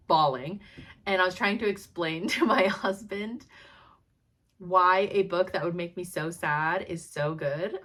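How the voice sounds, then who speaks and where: A woman's voice: medium pitch, fairly bright tone. A young adult woman chatting casually to camera, gushing with frequent fillers and laughs mixed into her speech. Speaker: cross-stitch vlogger.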